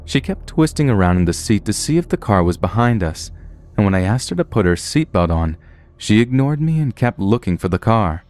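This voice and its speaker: A man giving a scripted narration of a true horror story in a calm, matter-of-fact way. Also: fairly low pitch, a little fast.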